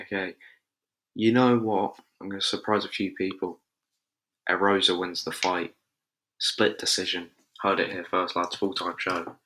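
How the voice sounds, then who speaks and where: A man with a deep voice talks through fight predictions as the host of a casual show. He chats loosely and thinks aloud, and his tone is bright and forceful.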